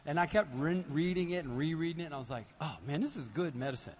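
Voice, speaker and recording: A man, a percussionist, talks to a concert audience between songs, telling stories with animated, playful asides through a stage microphone in a large arena. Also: on the high side, quick pace. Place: large basketball arena used as a concert hall. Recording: live hall recording with long reverb and faint noise.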